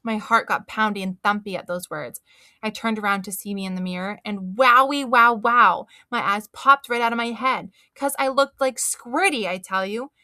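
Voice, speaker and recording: Lady reading a kids book out loud, super expressive, bright voice, dry close mic. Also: mid-range voice, moderate pace, no echo. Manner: expressive, animated storybook reading. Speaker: storyteller. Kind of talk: reading a children's book aloud.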